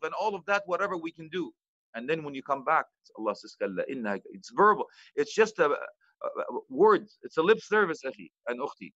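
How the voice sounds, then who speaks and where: Male imam, sermon lecture, bright tone, dry close sound on a lo-fi recording. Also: fairly high pitch, quick pace, dry recording. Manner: animated, addresses listeners directly, mixes Arabic terms and recitation.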